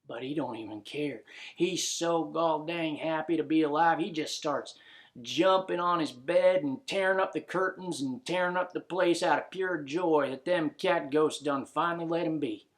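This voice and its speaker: A man's voice: on the high side, moderate pace. A man narrating a comic story in a laid-back drawl full of folksy slang.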